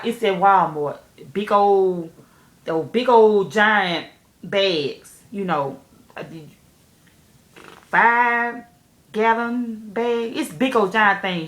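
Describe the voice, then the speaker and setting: Woman w/ aave vlogging, cussing a lot, talking right at her viewers, mid pitch. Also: roomy sound. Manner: animated, profane, talks straight to viewers as "y'all". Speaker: nail technician vlogger. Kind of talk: candid storytelling to camera.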